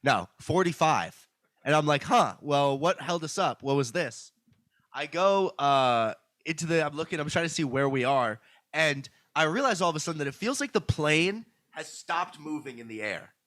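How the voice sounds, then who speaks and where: A man's voice: a little high, expressive, normal speed, a bit bright, dry recording. A man co-hosting a casual comedy podcast, telling stories animatedly and swearing freely over a remote call. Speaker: podcast co-host.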